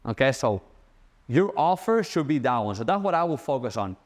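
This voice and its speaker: A young man giving a casual sales-coaching talk, fast and animated, repeating his key points. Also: mid-range voice.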